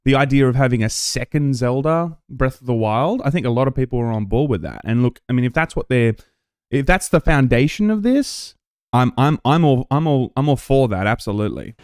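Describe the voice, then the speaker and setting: A man's voice: mid-range voice, expressive, fairly quick, a little mellow, smooth, no echo, clean studio sound. A man from Australia hosting a live stream, chatting casually to his viewers with lots of fillers and restarts.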